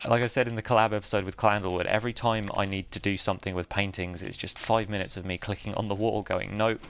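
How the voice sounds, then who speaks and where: Chatty, gravelly man. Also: on the low side, level tone, fast talker, a bit bright, a little hiss or hum. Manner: chatty, self-deprecating, laughs often. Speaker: Minecraft let's-play host. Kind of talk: casual gameplay commentary.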